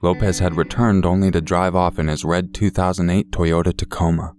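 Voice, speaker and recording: Deep-voiced man narrating true crime. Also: little pitch movement, darkish tone, faint music behind. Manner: measured, somber storytelling. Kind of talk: scripted narration.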